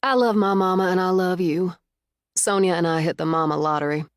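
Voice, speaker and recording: A woman's voice: fairly low pitch, fairly even intonation, a little fast, no echo, natural voice. A woman voicing a loyal young best friend who talks in a playful, teasing way, read in an audiobook with a dry, close sound.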